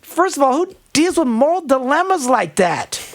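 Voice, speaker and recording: Animated older man ranting on radio. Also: very high-pitched, normal speed. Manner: animated, exasperated rants with bursts of laughter. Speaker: radio show host. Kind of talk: casual on-air chat.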